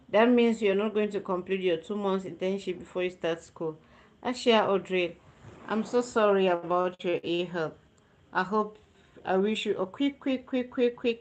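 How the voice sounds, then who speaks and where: A woman nurse hosting a casual livestream, reading viewer comments aloud and answering them with chatty repetition. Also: medium pitch. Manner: chatty, repeats words for emphasis. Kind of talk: casual live-stream chat.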